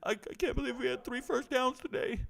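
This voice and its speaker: A man's voice: very high-pitched, steady tone, fairly quick, vocal fry, a bit bright, pitched above the performer's own voice, heavily acted. A man putting on the voice of a weepy old football coach who stammers through his words. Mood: tearful.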